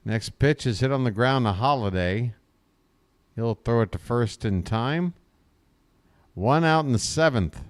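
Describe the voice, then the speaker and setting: A man hosts live fan play-by-play of a baseball game in a folksy, joking way. His voice is smooth and clear, and he takes his time. The sound is dry and close-miked. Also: medium pitch, expressive, a little slow, long pauses, dry recording. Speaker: play-by-play host.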